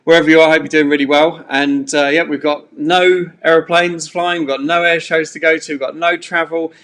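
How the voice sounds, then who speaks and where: A man's voice: a little high, fairly even intonation, fairly quick, fairly bright tone. A man, hosting a live-streamed pub quiz from a bedroom at home in a chatty, rambling way full of fillers. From England. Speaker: quiz host.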